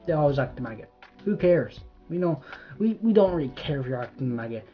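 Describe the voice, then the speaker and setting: With lively intonation and a quick pace, a young Irish man's slightly high voice carries through a muffled recording with faint music behind. He's a vlogger doing a quiz, chatting casually, rambling, swearing freely, and trailing off mid-thought.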